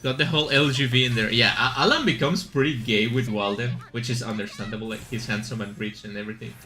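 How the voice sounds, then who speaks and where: A man's voice: medium pitch, fast, bright, forceful tone. A man streaming a game, chatting casually and rambling with asides and fillers as he plays. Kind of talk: casual chat while gaming.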